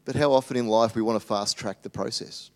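A man preaching a sermon as pastor, swinging between loud animated bursts and hushed, tender asides. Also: on the low side, fairly quick.

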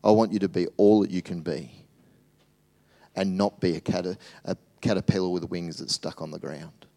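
A man preaching a sermon as pastor, swinging between loud animated bursts and hushed, tender asides. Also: low-pitched, normal speed, gravelly.

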